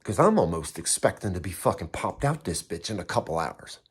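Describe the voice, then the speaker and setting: A man's voice: sits low, sing-song, a little fast, breathy edge. A man telling a story in a casual way, blunt and heavily profane, and mocking himself. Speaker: vlogger recounting prison time.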